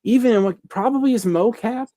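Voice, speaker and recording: His voice is very high-pitched and warm, and he talks briskly with no room sound. As a podcast co-host in a casual review chat, he's enthusiastic and rambling, full of fillers and restarts.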